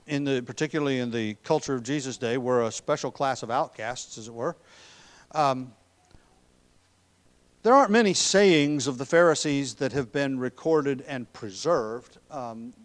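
A man preaching an expository sermon as a pastor, emphatic on key words, with frequent ums and throat clearing. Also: mid-range voice.

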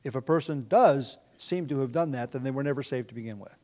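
A man's voice: mid-range voice, fast, a little mellow. A man with a nagging cough, preaching an earnest expository sermon, often restarting phrases with fillers. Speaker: pastor.

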